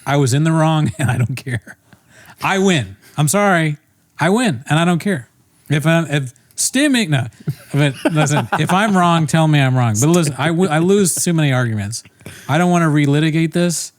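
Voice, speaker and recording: A man's voice: on the high side, animated, normal speed, no room sound. A young man on a casual comedy podcast, rambling through a story, swearing often and laughing at himself. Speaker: podcast co-host.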